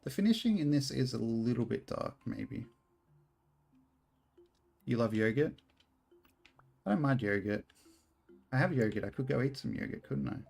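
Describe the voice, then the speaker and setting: Gravelly Australian man chatting on stream. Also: mid-range voice, a little mellow. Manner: rambling, swears freely, jokes at himself. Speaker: game streamer. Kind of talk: casual live-stream chat while playing.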